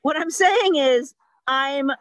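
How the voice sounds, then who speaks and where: A woman's voice: sits high, no echo, low-quality recording. A woman comedian giving a rambling, exasperated stand-up rant over a video call. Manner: rambling, exasperated, quick to joke.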